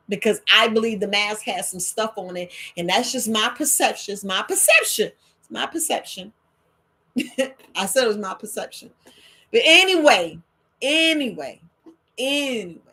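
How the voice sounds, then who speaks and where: A woman hosts an unscripted health talk. She speaks at a middle pitch and jumps into quick exchanges with imagined listeners, acting out their voices. Her delivery stays loose and conversational. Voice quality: animated, talks back and forth with imagined listeners. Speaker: herbalist host. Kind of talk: casual monologue.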